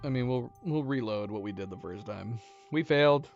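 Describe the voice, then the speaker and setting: A man's voice: lowish voice, fairly quick, gravelly, mellow. Let's-play host: casual, musing man, slightly dull mic, faint game music behind. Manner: chatty, musing, chuckles often. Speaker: gaming channel host.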